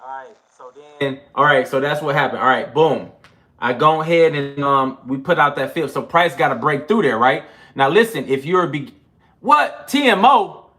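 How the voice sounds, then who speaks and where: On his trading channel's casual livestream, a young man with a mid-range voice speaks at a moderate pace. Loose and slangy, he stays animated as he alternates between counting push-ups and discussing charts, and the push-ups leave him out of breath.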